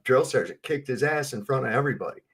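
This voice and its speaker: A man in casual chat, telling an army story in an animated way and acting out the voices of the people in it. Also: medium pitch, fast. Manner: animated anecdote teller, acts out the voices he quotes.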